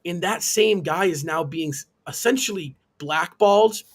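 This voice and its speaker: A man with a husky, breathy edge sits on a live sports talk stream, tearing into a team decision. His voice sits high for a man, and he leans on emphatic, indignant rhetorical questions. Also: normal speed. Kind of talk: heated sports opinion rant. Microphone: live stream call.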